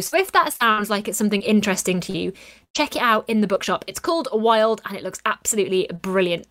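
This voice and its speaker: An upbeat woman hosts a children's radio show, full of enthusiasm about books. Her voice sits a little high, with quiet music playing underneath. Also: dry recording. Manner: cheerful, enthusiastic. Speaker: radio host.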